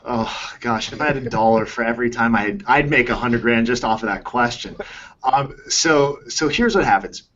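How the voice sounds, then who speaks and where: Man, real estate coach, animated storyteller, mid pitch, dull lo-fi audio. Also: normal speed. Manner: animated storyteller acting out agents' quotes. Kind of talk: live show conversation. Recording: dull lo-fi sound.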